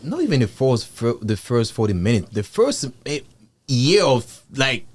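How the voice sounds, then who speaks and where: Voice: mid-range voice, very animated, unhurried, no echo. A podcast host asking blunt, probing questions in casual chat, often restarting mid-question.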